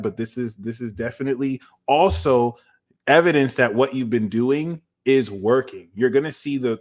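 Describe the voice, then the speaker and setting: An animated man talks through a tarot spread in a loose, conversational way. He speaks straight to his viewers and throws in slangy asides. His voice sits at an ordinary middle pitch for a man. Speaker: tarot reader. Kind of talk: casual tarot reading.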